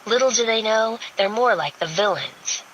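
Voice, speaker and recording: A woman's voice: fairly high pitch, lively intonation, normal speed, highs cut off, slight background noise, pitched above the performer's own voice. A woman voicing a brash, sardonic young redheaded woman who gripes sharply. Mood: exasperated. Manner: sharp, exasperated griping.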